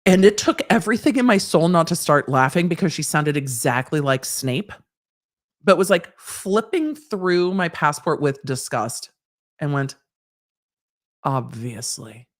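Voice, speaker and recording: A woman's voice: low voice, expressive, moderate pace. A woman hosting a live stream, telling a personal anecdote in a wry, casual way with the odd swear. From Southern California.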